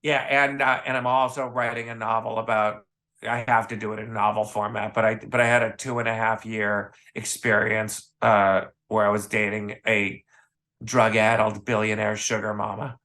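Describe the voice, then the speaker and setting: A man's voice: on the low side, moderate pace. A man from the American Midwest, an author guest telling wild anecdotes in a casual interview, acting out the people he quotes. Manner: animated anecdotes with acted-out quotes.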